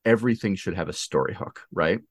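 Man, very low voice, dry close sound, relaxed podcast host. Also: fairly quick, breathy edge, no room sound. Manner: relaxed, affirming, plugs a crowdfunding campaign. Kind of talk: casual interview chat.

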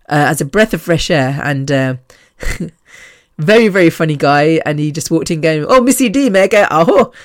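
A woman's voice: deep voice, no echo, clean studio sound. Chatty woman in her fifties. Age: 50s. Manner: rambling, chatty, swears freely, laughs between sentences. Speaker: podcast host. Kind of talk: casual podcast monologue.

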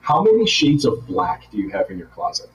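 A man hosting a casual interview, playful and quick to laugh. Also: on the high side, wildly swooping pitch, echoey room, far from the mic, poor audio. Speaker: podcast host.

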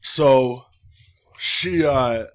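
A young man casually telling a story, animated and swearing freely. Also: mid-range voice, extremely slow. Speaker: guest.

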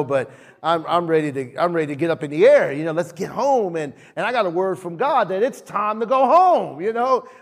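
A man preaching a sermon, telling a story with acted-out dialogue and sudden drops into soft, low tones. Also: gravelly. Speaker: pastor.

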